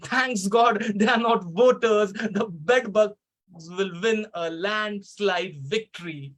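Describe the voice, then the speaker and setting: A man with an Indian English accent performs a comic poem in a high voice. He takes it slowly, with mock gravity and the odd sudden loud burst. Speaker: poet reciting. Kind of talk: humorous poetry recital.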